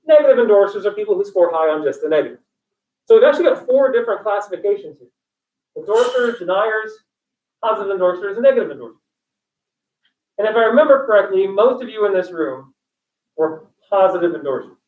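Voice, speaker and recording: Quick and animated, a high-voiced male instructor lectures a college class, joking around, straying into tangents and quizzing students. The classroom echoes, and the mic is distant and dull.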